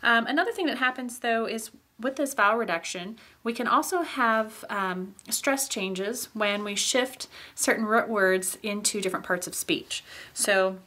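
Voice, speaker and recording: Woman teacher going over pronunciation, says each example word slow and twice, lots of okay and um. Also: on the high side, bright, forceful tone. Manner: explains slowly, repeating example words; frequent "okay" and "um" fillers. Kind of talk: recorded pronunciation lecture.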